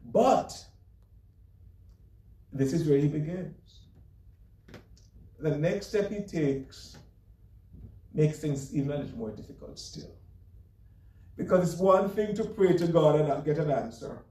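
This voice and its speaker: A man's voice: a little high, lively intonation, slow pace, pauses often, warm tone. A man preaching a sermon as pastor, earnest and emphatic, with light chuckles between points. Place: church sanctuary. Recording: echoey church room, mic far off.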